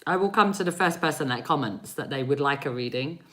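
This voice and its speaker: Her voice sits low yet a bit bright, expressive and slightly fast: she's an energy reader from England in her forties. With an English accent, she gives live readings on a stream, chatting with viewers and laughing frequently.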